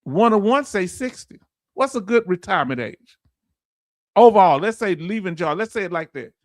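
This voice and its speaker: A man's voice: high-pitched, lively intonation, moderate pace, no room sound, studio quality. A middle-aged man with a Southern US accent hosting a casual livestream, joking, laughing and reading out viewer comments. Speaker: livestream host.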